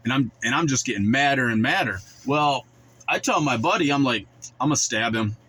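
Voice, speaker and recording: Man in his forties, blunt casual storyteller, mid-pitched voice. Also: lively intonation, fairly quick, bright, forceful tone, husky, low-quality recording. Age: 40s. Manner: blunt, colloquial, acts out quoted voices. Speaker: vlogger.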